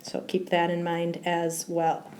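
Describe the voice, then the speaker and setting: A woman's voice: lowish voice, monotone, takes it slowly, darkish tone, slight background noise. Woman walking through a grammar lesson. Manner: explains step by step, with frequent ums. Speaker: Spanish teacher. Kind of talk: recorded slideshow grammar lesson.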